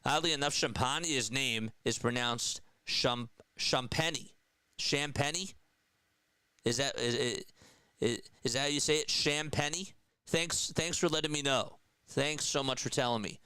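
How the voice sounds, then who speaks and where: A young man calls basketball play-by-play in a casual radio style, chatting with viewers between plays and reading their comments aloud. His medium-pitched voice is sharp, clear and resonant, at normal speed, with no echo but low recording quality.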